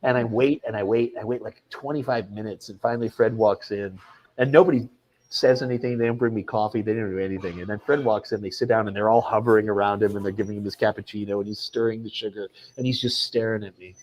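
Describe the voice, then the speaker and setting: A man's voice: fairly low pitch, fast talker, rough recording. A man, a film director guest in an interview, telling anecdotes animatedly, acting out what people said and often restarting his sentences. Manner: animated, acts out quoted people, frequent restarts.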